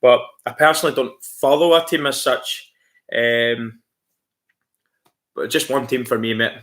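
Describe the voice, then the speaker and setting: A Scottish man talks loosely and warmly to his livestream audience, calling them mate and laughing along. His voice sits in a middle pitch with a bright, forward edge. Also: unhurried. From Scotland. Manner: friendly and chatty, calls viewers mate, laughs often. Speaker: livestream host. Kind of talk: casual chat reading out viewer comments.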